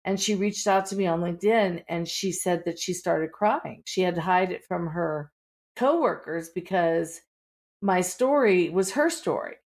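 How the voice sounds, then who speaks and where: This author guest on a podcast is a middle-aged woman whose voice is fairly low, a little slow, and dark in tone. She talks openly in a Pittsburgh accent, filling her speech with "you know."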